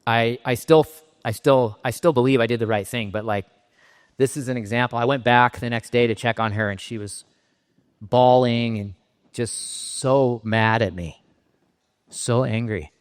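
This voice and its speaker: Halting, emotional man in a reverberant hall. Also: mid-range voice, smooth. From Southern California, US. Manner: halting, restarts often, filler-heavy, emotionally raw. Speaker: keynote speaker. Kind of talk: emotional personal storytelling talk. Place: conference stage in a large hall.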